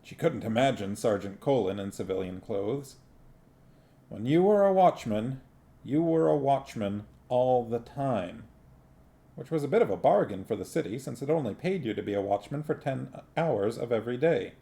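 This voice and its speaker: A man reading a novel aloud on a stream, in an unhurried, plainly spoken way. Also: medium pitch, expressive, vocal fry, warm tone. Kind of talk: book reading with casual commentary.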